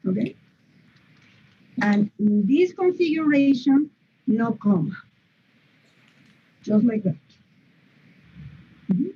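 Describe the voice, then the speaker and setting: A woman's voice: a little high, lively intonation, takes it slowly, pauses often, warm tone, husky, highs cut off. A woman teaching English grammar in an online lesson, explaining step by step with frequent "mm-hmm" and "okay" checks.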